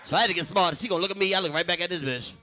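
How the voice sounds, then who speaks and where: Brash, quick-talking stand-up comedian man. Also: high-pitched, pushed and bright, a little hiss or hum. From Baltimore. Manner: brash, profane, laughs at his own jokes.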